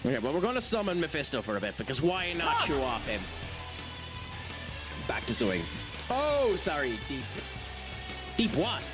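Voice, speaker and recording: Male streamer, high voice, chatty and self-mocking, game music under. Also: huge pitch swings, moderate pace, long pauses. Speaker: game streamer reading chat. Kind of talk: casual live-stream chat.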